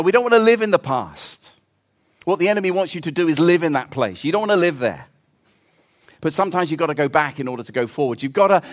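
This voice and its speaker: A man preaching a sermon, telling stories with lively, animated delivery and acting out quoted voices. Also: a little high. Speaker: pastor.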